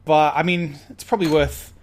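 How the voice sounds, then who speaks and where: A man hosting a comedy podcast, halting with fillers and swearing when flustered. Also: on the high side, fairly even intonation, a little mellow. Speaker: podcast host. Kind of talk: casual comedy podcast chat.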